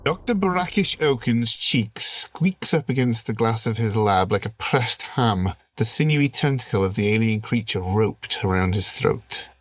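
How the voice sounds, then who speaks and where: A man co-hosting a comedy podcast, telling a silly story and bantering in a deadpan way. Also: mid-range voice, normal speed, few pauses, dry recording. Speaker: podcast co-host.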